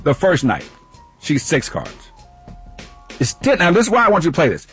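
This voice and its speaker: A man's voice: a little high, wildly swooping pitch, moderate pace, a bit bright, slightly rough, soft background music. A man co-hosting a radio show, telling a casual story with lots of laughs.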